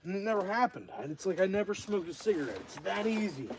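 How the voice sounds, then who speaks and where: A man's voice: high-pitched, big pitch swings, fast talker, background noise. A tipsy man streaming live outdoors by a campfire, talking in a rambling, profane, casual way. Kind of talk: casual livestream chat.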